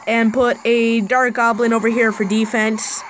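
A woman giving chatty, live play-by-play commentary on her own mobile game match, with excited bursts. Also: on the high side, measured pace, a little hiss or hum, poor audio. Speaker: gaming channel host.

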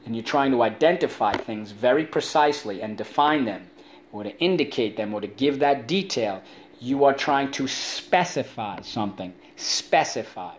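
A man teaching an online spelling lesson for kids, drilling words with call-and-repeat chants and leaping into playful high asides. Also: lively intonation, moderate pace, a little hiss or hum.

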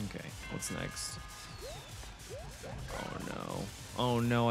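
A man's voice: medium pitch, very animated, slow, music in the background. A young man commentating his own gameplay, swearing, boasting and getting frustrated as he talks to a friend. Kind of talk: swearing let's-play commentary.

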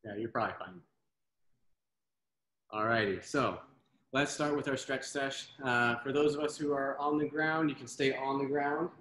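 A man leading an online workout class over a video call, giving brisk, encouraging cues and counting down reps. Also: mid-range voice, fairly even intonation, a bit bright. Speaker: fitness instructor. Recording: very echoey room, faint noise.

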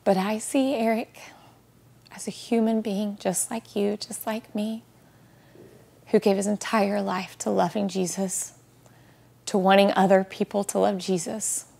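Earnest woman, gravelly and husky. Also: mid-range voice, level tone. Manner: heartfelt, slows and softens on key words. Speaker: guest, widow sharing her story. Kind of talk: emotional faith interview.

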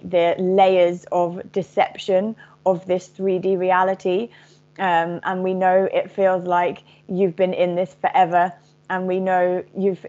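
A woman channeling a collective of benevolent spirit beings in a gentle, reassuring manner, calling listeners dear ones. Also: fairly low pitch, highs cut off. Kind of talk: channeled message.

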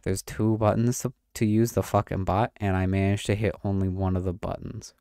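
A man's voice: deep voice, flat delivery, fairly quick, warm tone, clear, resonant tone, no echo, clean studio sound. A man casually commenting on his game stream, joking, swearing and reading game text aloud in clipped bits. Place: home streaming setup.

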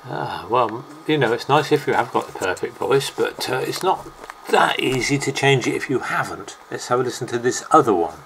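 Gravelly man, chatty and rambling, casual video commentary. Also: medium pitch, animated, normal speed, fairly bright tone, a little hiss or hum, poor audio. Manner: rambling, chatty, with asides and fillers. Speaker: video maker. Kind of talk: casual commentary over clips.

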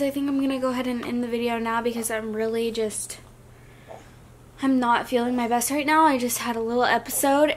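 A young adult woman vlogger talking casually to the camera in a chatty, rambling, soft-spoken way. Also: high-pitched.

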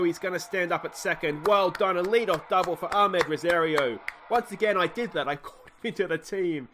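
An Australian man giving excitable play-by-play commentary on a baseball sim game, swinging from muttered asides to shouted cheering at a desktop microphone. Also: fairly high pitch, brisk, slight background noise. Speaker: let's play host.

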